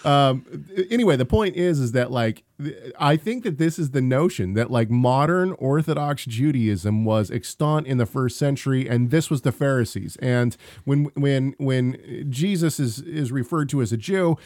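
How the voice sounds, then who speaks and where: A man in casual podcast chat, an animated storyteller who laughs often and restarts his sentences. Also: mid-range voice, moderate pace, few pauses, dry recording, studio quality. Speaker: podcast co-host.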